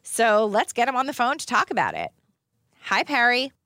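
A woman's voice: on the high side, wildly swooping pitch, moderate pace, sharp tone, no echo, clean studio sound. A woman co-hosting a talk show, upbeat as she introduces and welcomes a guest. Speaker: show co-host.

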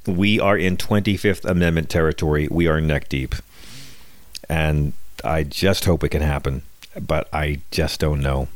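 A man's voice: extremely low pitch, steady tone, unhurried, dry recording. A middle-aged man hosting his own podcast, delivering a sardonic, wisecracking political comedy monologue with frequent restarts. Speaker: podcast host.

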